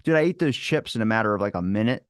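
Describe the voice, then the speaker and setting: A man telling a long story in casual chat, animated, swearing and acting out what people said. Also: lowish voice, fast talker, clear, resonant tone, no room sound, studio quality. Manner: animated, swearing, acts out quotes. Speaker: podcast guest.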